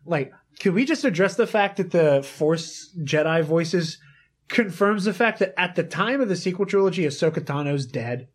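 Man, casual group chat, animated, swears a lot, slightly higher voice. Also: moderate pace. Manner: animated, swearing, quotes lines in dramatic voices.

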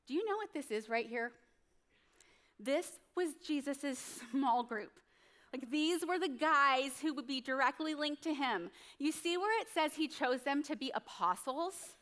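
A woman pastor delivers a sermon in a high, bright-pitched voice. She speaks conversationally, telling stories and asking the congregation quick tag questions along the way. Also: lively intonation.

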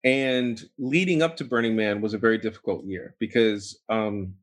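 A man, a podcast guest, telling a long personal story in a rambling, animated way, full of fillers and restarts. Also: on the low side, normal speed. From United States. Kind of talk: casual storytelling interview.

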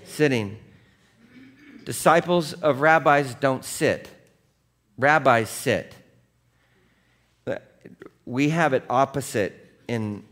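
A male pastor with a mid-range, fairly bright voice preaches a sermon in a conversational style. He keeps checking in with the congregation, asking "right?" and "okay?", and acts out scripture scenes by voicing the quotes.

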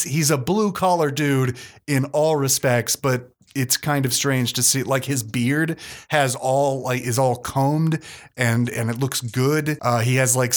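A man narrating a tabletop game as game master, in a loose, chatty way with many fillers. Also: mid-range voice.

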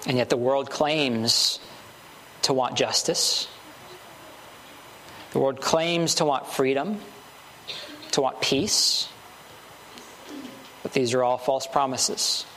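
A man's voice: mid-range voice, slow, long pauses, pushed and bright, slight background noise. A man preaching a sermon earnestly, building emphasis with short repeated phrases.

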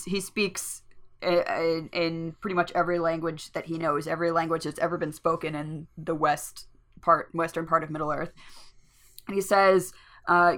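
Bright-voiced woman podcast co-host. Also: deep voice. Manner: retells the story with frequent laughs and fillers. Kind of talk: casual book discussion.

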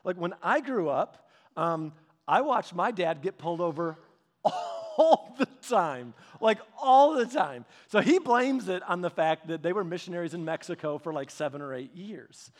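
A middle-aged pastor with a notably high-pitched voice, speaking a little slowly, delivers a sermon in a loose storytelling way. He chuckles through his anecdotes and often restarts mid-sentence, keeping things playful and animated.

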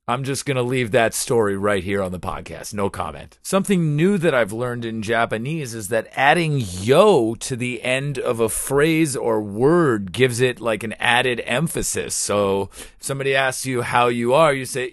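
A man hosting a podcast, telling stories in an animated, profane, playful comic monologue. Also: medium pitch, moderate pace, dry recording, studio quality. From United States. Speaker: podcast host.

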